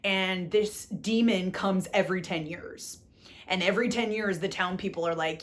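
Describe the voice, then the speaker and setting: A woman's voice: lowish voice, moderate pace. A young woman chatting casually about books she has read, gushing and exasperated by turns, repeating herself and saying "like" a lot. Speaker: book vlogger. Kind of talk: casual book review chat.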